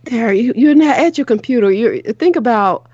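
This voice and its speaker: A woman's voice: a little high, lively intonation, normal speed, mellow, husky, no echo, lo-fi sound. A middle-aged woman hosting a show, chatting casually in an earnest way that is full of restarts and repeats. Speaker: show host. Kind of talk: casual chat on a call-in show.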